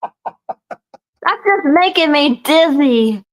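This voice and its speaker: A woman's voice: high-pitched, animated, drawn-out words. A woman in casual chat, mostly giving short reactions to a friend's stories. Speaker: listener in a chat.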